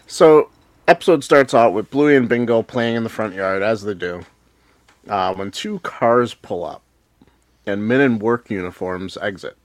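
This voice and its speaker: A man's voice: fairly low pitch, unhurried, no echo. A man co-hosting a cartoon podcast, recapping an episode in casual chat with a wry, teasing manner. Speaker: podcast co-host.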